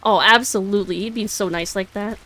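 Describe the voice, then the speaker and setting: A woman's voice: medium pitch, steady tone, brisk, pushed and bright. A young woman streaming a video game, chatting casually and giggling often as she rambles and corrects herself. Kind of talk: casual gaming commentary.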